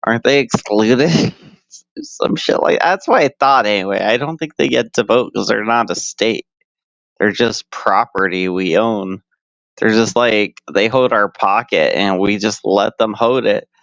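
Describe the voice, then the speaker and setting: A man's voice: fairly low pitch, measured pace, gravelly, fairly bright tone, no room sound. A man streaming casually, rambling crudely with lots of fillers and frequent laughs. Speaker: live streamer. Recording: dull lo-fi stream audio.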